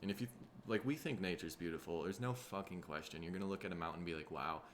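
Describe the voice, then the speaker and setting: Tired, rough-throated Midwestern man rambling. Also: low-pitched, fast talker, a little hiss or hum. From Minnesota, USA. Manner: rambling, profane, laid-back. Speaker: podcast host. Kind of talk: casual solo podcast monologue.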